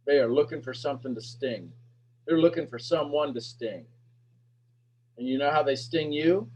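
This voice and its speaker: A man coaching a sales master class, firing emphatic, repetitive questions at his audience and pushing his voice up toward a shout. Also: a little high, moderate pace, rough recording. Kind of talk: animated teaching talk to an online audience.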